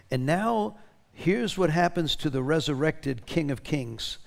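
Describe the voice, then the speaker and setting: A man preaching a sermon, animated and emphatic, reading scripture aloud with feeling. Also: a little high, unhurried, vocal fry. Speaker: pastor.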